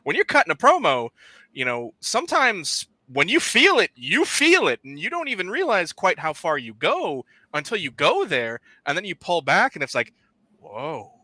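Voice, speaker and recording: A man's voice: sits high, huge pitch swings, moderate pace, pushed and bright, no echo. A man co-hosting a podcast, talking animatedly and emphatically in casual chat, with many restarts. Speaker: podcast co-host.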